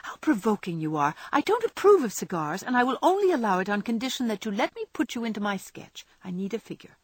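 A woman's voice: a little high, big pitch swings, fast, husky, no room sound, pitched above the performer's own voice. A woman voicing an earnest young woman who lectures her friend, in a storybook reading. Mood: lecturing.

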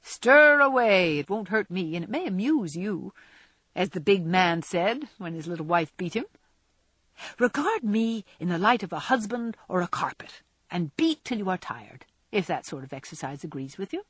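A woman's voice: medium pitch, big pitch swings, normal speed, fairly bright tone, breathy edge, no room sound. A woman reading aloud and voicing an idle young man who teases in a lazy, bland drawl. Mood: languid teasing. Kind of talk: audiobook character reading.

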